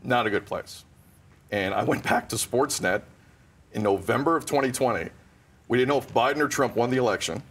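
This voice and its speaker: A man's voice: mid-range voice, animated, a little fast, a bit bright, husky. A man co-hosting a morning TV show, speaking earnestly and with self-deprecation to his colleague. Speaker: morning TV co-host. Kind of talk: casual studio chat.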